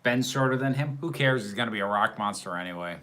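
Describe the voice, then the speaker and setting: A man's voice: fairly low pitch, fast talker, a bit bright, a little hiss or hum. A man hosting a livestream, casually commenting on a film, answering chat questions and laughing often in a sarcastic tone. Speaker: livestream host reacting to a film.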